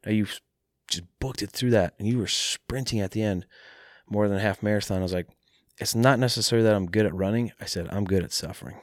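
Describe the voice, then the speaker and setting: A fighter swaps stories in a casual podcast chat, his voice sitting on the low side. He talks with animated, profane energy and slips into acting out what he shouted. The sound is dry and close. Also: quick pace, no room sound. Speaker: guest, professional fighter. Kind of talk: casual storytelling. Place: martial arts academy.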